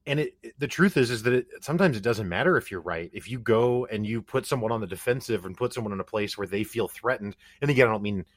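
A man hosts a podcast and talks in a reflective way, thinking aloud as he builds his point. His voice sits fairly low, and the sound is dry and close. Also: expressive, quick pace, few pauses, no echo. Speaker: podcast host. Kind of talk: conversational interview.

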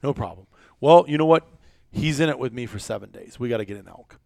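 Gravelly, blunt man hosting a podcast. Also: medium pitch, quick pace, no room sound, studio quality. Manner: animated storyteller, blunt and profane. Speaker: podcast host. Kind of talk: casual podcast chat.

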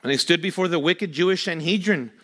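High-voiced man preaching a sermon. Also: brisk, sharp tone. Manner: emphatic preaching with rhetorical questions. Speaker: pastor.

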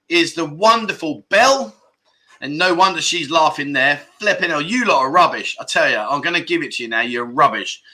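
Bright-voiced jokey host. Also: male voice, a little high. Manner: jokey, laughs often, mock-grumbling banter. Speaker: livestream chat show host. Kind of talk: casual livestream chat, reading viewer comments.

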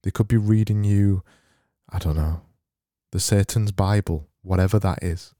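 A man hosting a solo comedy podcast, rambling deadpan and mocking himself, into a boom-arm mic. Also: moderate pace, no room sound, studio quality. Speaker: podcast host.

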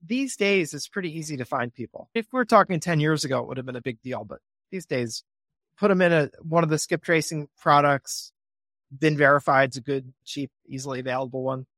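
A man talking through his methods in an animated, friendly way, now and then slipping into a bright, upbeat voice to act out a phone call. His voice sits a little high. The recording is dry and close, with no room in it. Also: brisk, no room sound. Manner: animated, acts out phone calls in a cheerful voice. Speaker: real estate investor guest. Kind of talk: podcast interview.

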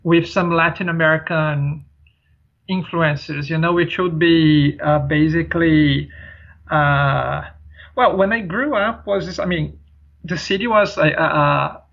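Gravelly Brazilian man, lo-fi sound. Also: fairly high pitch, steady tone, slow. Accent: Brazilian Portuguese. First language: Portuguese. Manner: easygoing, many fillers and restarts. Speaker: podcast guest, traveler and author. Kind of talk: casual interview talk. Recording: dull lo-fi sound.

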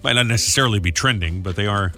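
A man's voice: lowish voice, sharp tone. A man hosting a morning radio show, teasing his co-host and riffing through the segments. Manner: teasing, jokey, quick to riff.

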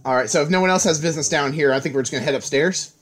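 A man at a tabletop game speaks in a fairly high voice, polite and a little halting, often stopping and restarting his sentences. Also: soft background music. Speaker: player.

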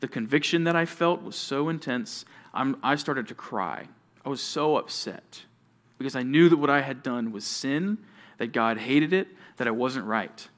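A male youth pastor preaching to junior high students, telling stories with animation and talking straight to his listeners. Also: normal speed. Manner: animated storytelling, addresses listeners directly.

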